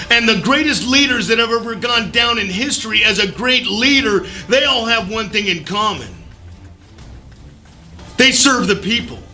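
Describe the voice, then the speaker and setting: Man, high voice, very bright, animated storyteller, some quiet music behind. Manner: animated, acts out his own voice in quotes, loud bursts; mild profanity, folksy. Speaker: recovery speaker. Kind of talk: motivational storytelling talk.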